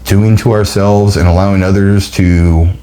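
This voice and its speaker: A man hosting his own podcast, speaking in an emotional, heartfelt motivational monologue, halting and restarting as he nears tears. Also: sits low, fairly even intonation, dark tone, a little hiss or hum. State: near tears. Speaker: podcast host.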